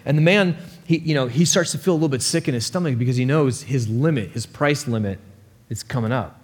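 A man preaching a sermon, telling a story in an animated, conversational way. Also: medium pitch, fairly quick, husky, long reverb tail. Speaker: pastor.

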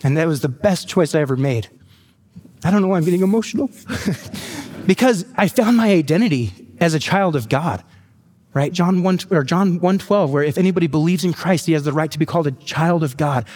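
A man in his forties, a pastor telling his testimony in a sermon, with self-deprecating humor and lively asides. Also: a little high, normal speed, slightly rough.

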